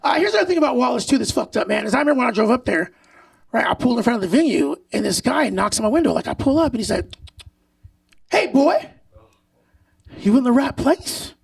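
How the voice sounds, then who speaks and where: Brash high-voiced comedian shouting punchlines. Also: male voice, very animated, racing, creaky, slightly rough, no echo, recorded from a distance. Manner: brash, profane, shouts punchlines, laughs at his own jokes. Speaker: stand-up comedian. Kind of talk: stand-up comedy set. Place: comedy stage before a live audience.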